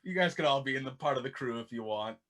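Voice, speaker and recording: A friendly tentacled pirate captain talks softly and a bit haltingly in a tabletop game, as a man plays him in a slightly lower, quieter voice than his own. He stays relaxed and easygoing. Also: close to an everyday voice.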